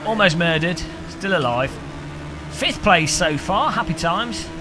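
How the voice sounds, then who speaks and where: A man streaming a racing game live, joking with chat and commentating excitedly. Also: sits high, a little slow, music in the background. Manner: excitable, jokey banter with chat. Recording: game engine noise behind voice.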